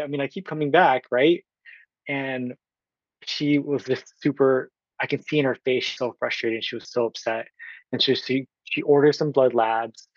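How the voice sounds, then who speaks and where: On a recording with no echo and cut-off highs, a medium-pitched man in his twenties from Oakland, California speaks as a podcast guest. He earnestly shares his own story, voicing what people said to him and leaning on plenty of fillers.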